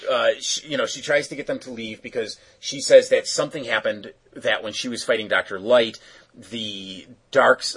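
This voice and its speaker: A man's voice: fairly low pitch, fairly bright tone, slightly rough, poor audio. A man casually recapping a cartoon episode, rambling with lots of fillers. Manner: rambling, filler-heavy storytelling.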